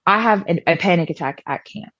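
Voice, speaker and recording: A woman's voice: fairly low pitch, fairly quick, fairly bright tone, no echo, muffled recording. A young woman from the American South, chatty and self-deprecating, telling her personal story as a podcast guest and acting out past conversations.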